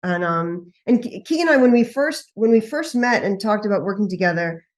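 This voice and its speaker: A woman's voice: medium pitch, lively intonation, a little fast. A woman from New York, a podcast guest, chatting casually and often repeating her words as she starts. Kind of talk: casual chat.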